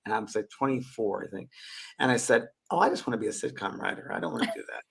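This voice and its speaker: A middle-aged man tells a story in casual chat, his voice gravelly and a little husky. His pitch swings widely as he acts out the people he quotes, with frequent laughter. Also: very animated, quick pace, fairly bright tone. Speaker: medium and show co-host.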